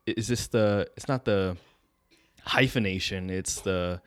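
A man's voice: sits low, unhurried, smooth, no echo, studio quality. A young man co-hosting a casual podcast chat, rambling loosely and searching for words. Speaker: podcast co-host.

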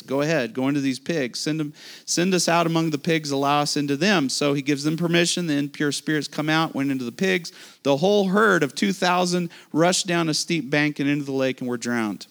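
A man preaching a sermon, animated and speaking directly to his listeners. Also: on the high side. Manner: animated preaching with asides to the audience. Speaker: pastor.

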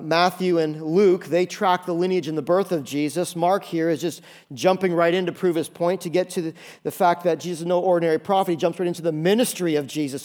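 A man in the pulpit delivering a sermon. His voice sits a bit high, and he moves from hushed prayer to emphatic teaching. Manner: reads scripture then prays softly and preaches with rising emphasis. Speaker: pastor.

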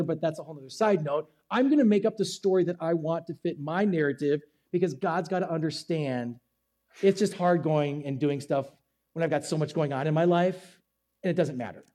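High, mellow-voiced casual preacher. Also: male voice. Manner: casual, self-deprecating preaching with acted-out asides. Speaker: pastor. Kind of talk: sermon. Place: church.

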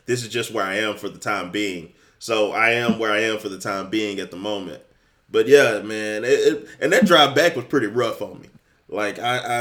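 Easygoing young man with a low voice. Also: a bit bright. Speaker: podcast co-host. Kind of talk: casual chat.

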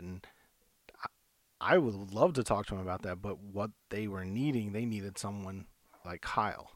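A man's voice: lowish voice, normal speed, no echo. Earnest rambling man on a faith podcast. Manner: rambling, earnest, many restarts. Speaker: podcast co-host. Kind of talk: casual faith podcast chat.

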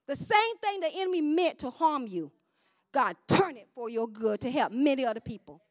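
A woman preacher delivers a fervent sermon in a high voice. She rises into shouted proclamations and drops to low asides, calling for responses. The sound is dry and close, with no room echo. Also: animated, moderate pace. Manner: fervent, call-and-response preaching with swings from shouts to near-murmurs.

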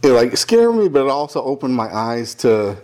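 A man's voice: mid-range voice, moderate pace. A young man telling a long story in casual chat, swearing freely and acting out the people in it. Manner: profane, animated, quotes people in voices. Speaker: podcast co-host telling a story.

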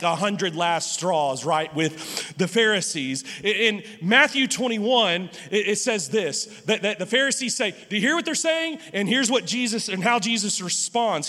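A man preaching a sermon as pastor, emphatic and animated, often laughing and restarting his sentences. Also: high-pitched, big-room sound.

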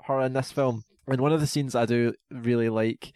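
A man's voice: medium pitch, steady tone, normal speed, a little mellow, smooth, dry recording. Chatty man with a dry sound. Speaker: podcast co-host. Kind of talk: casual film chat.

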